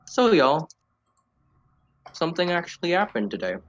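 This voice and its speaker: A man's voice: on the high side, very animated, moderate pace, highs cut off. A man as game master of a tabletop game, laid-back and casual, at times talking with his mouth full.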